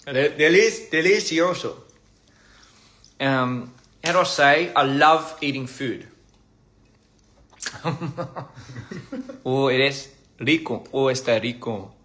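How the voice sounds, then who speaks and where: A man casually chatting on a phone livestream over a meal, halting and repeating words and laughing at his own slips. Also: medium pitch, pushed and bright. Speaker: livestream host. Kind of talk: casual livestream chat while eating. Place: indoors at a meal table.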